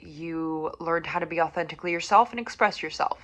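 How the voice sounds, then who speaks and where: A woman's voice: deep voice, brisk, few pauses, a bit bright. A young woman hosting a podcast, giving a blunt, profane motivational rant with flashes of sarcasm. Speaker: podcast host.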